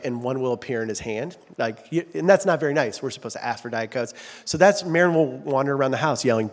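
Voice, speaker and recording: A man's voice: medium pitch, long reverb tail. A man preaching a sermon as a pastor in a church, talking in a loose, joking, self-deprecating way. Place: large church sanctuary.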